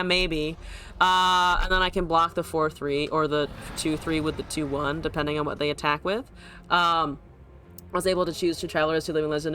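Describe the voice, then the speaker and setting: A woman's voice: lowish voice, bright, forceful tone. A young woman streaming a card game, chatting casually, talking to her opponent, laughing and swearing often. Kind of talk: live gameplay commentary.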